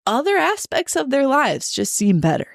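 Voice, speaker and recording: A young woman from Michigan co-hosting a podcast in casual chat, chatty and giggly, talking in quick bursts. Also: high-pitched, wildly swooping pitch, creaky, no echo, clean studio sound. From Michigan, United States. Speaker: podcast co-host.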